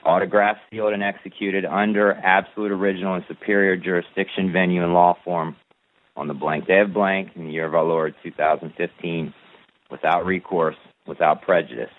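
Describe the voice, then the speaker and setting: A man reading a long formal declaration aloud in a measured, deliberate recitation, then answering a caller's questions. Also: sits low, little pitch movement. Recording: tinny phone-line radio audio.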